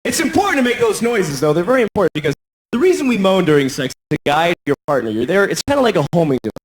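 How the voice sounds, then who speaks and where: Very animated and fast, an American man does crude stand-up that pokes fun at himself. He acts out voices with large swings in pitch.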